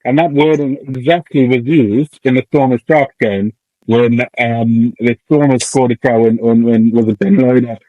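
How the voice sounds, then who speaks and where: A man co-hosting a podcast, in casual chat, ranting in an animated, jokey way and swearing now and then. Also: medium pitch, moderate pace, no echo, phone-quality sound. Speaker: podcast co-host.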